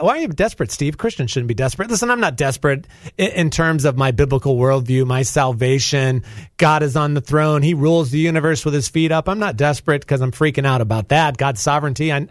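A man's voice: fairly high pitch, quick pace, no room sound, studio quality. A man, hosting Christian talk radio in a fired-up, preachy and emphatic way. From North Carolina. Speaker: guest radio host. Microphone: studio microphone.

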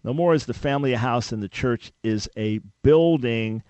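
A man's voice: mid-range voice, moderate pace, a little mellow, no echo. A man hosting a Christian talk radio show, teaching emphatically and quoting scripture like a preacher.

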